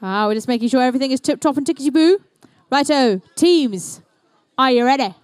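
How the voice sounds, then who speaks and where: A woman's voice: high voice, animated, fairly quick, darkish tone, smooth, no room sound. A young woman doing live, playful, chatty commentary at an indoor competition. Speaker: event commentator.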